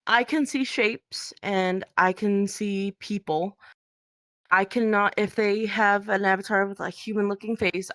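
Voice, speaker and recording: A woman speaking as a podcast guest in casual conversation, hesitant with many pauses and ums. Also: on the low side, a bit bright, smooth, no echo, clean studio sound.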